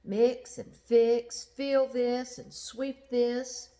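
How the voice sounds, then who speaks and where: A fussy, determined house painter from a storybook, read by a woman in her own voice. He talks slowly and firmly, with a lively, swooping pitch. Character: fussy middle-aged male house painter.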